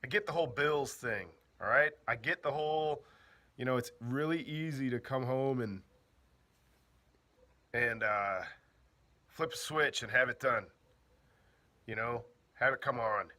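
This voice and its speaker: A man's voice: medium pitch, measured pace, pauses often, pushed and bright. A man casually joking his way through an explainer, laughing and acting out bits in silly voices. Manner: goofy, laughing, slangy, acts out bits in voices. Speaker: off-grid living vlogger.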